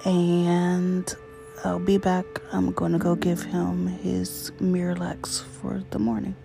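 Tired, low-voiced woman podcast host. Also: level tone, slow, music in the background. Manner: tired, rambling, breathy asides. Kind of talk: casual solo podcast. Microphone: USB microphone.

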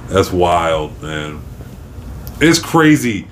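A man co-hosting a podcast in relaxed, jokey casual chat, telling stories. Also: drawn-out words. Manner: laid-back, jokey, acts out quotes in high voices. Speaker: podcast co-host. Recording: faint background noise.

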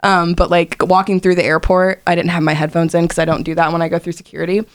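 A woman's voice: lowish voice, little pitch movement, fast talker. A young woman from Indiana in casual chat, talking freely with many fillers and frequent laughs. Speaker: guest.

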